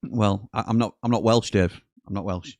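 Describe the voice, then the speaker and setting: A man's voice: on the low side, normal speed, no room sound, clean studio sound. A man hosting a live football watchalong, chatting and reading out viewer messages between bits of commentary. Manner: chatty, reads out live chat messages, excitable at goals. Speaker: watchalong host.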